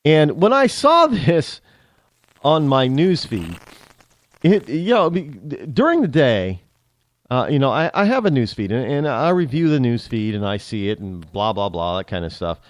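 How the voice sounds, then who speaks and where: A man's voice: medium pitch, normal speed, no echo. A man hosting a talk show, delivering a rambling casual monologue with lots of restarts and repetition. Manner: animated, rambling, repeats himself and spells out names.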